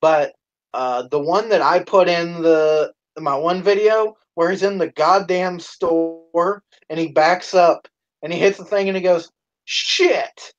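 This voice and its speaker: A man co-hosting a live stream in casual chat, swearing a lot, laughing and shouting out quoted lines. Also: a little high, unhurried, highs cut off. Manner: profane, laughing, acts out quoted lines loudly.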